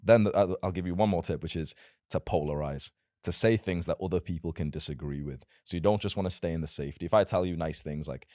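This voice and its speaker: Young male creator, low voice, rapid, blunt and provocative, dry close sound. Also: a little mellow, no room sound. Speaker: self-improvement content creator. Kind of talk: casual podcast conversation.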